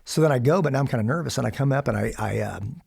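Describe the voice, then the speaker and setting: A man from the United States telling a personal story in a conversation, animated and acting out the voices of others. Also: mid-range voice, racing, creaky, slightly rough. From Kansas City, USA. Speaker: podcast guest.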